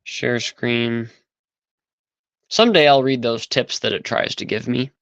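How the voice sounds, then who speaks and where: A man's voice: mid-range voice, a little slow, a bit bright, no room sound, highs cut off. A man hosting a livestream in casual chat, talking aloud as he sets things up. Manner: chatty, thinks aloud while setting up. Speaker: livestream host.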